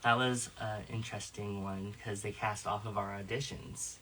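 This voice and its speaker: A woman voice actor, the guest on a call, talking in a low-key, hesitant way with dry humor. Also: steady tone, normal speed, fairly bright tone, slight background noise, low-quality recording. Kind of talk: casual interview chat.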